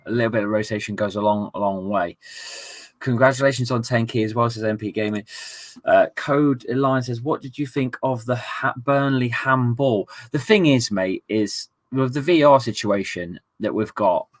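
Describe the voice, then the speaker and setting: A man's voice: mid-range voice, moderate pace. A young man chatting casually on a football live stream, reading viewer messages aloud and laughing often.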